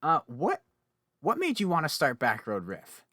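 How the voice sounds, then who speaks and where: A young man hosting a casual podcast chat, talkative and quick to laugh, often interrupting himself. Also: a little high, huge pitch swings, bright, forceful tone, dry recording, studio quality. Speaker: podcast host.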